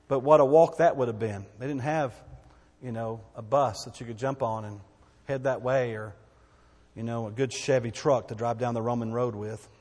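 A man's voice: fairly high pitch, in a large hall. A man preaching a sermon as a pastor, in a conversational, folksy way with asides and repeated phrases.

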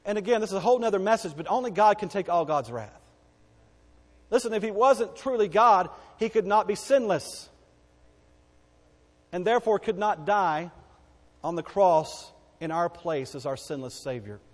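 A man preaching a sermon, emphatic, asking the congregation questions and swinging between loud declarations and hushed lines. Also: high-pitched, lively intonation, moderate pace, pauses often. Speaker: pastor. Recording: long hall reverb.

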